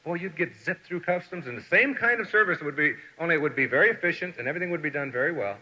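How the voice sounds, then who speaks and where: A man's voice: fairly high pitch, expressive, fast talker, pushed and bright. A man giving a motivational seminar talk, telling stories, acting out the people in them and reading a poem aloud. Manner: storytelling, acts out quotes and reads poetry aloud. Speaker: motivational speaker and author. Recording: echoey hall, dull lo-fi sound.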